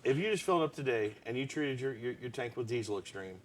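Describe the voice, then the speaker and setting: A man hosting a casual live-stream chat, quizzing his co-host with quick follow-up questions. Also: mid-range voice, lively intonation, a little hiss or hum. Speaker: show host.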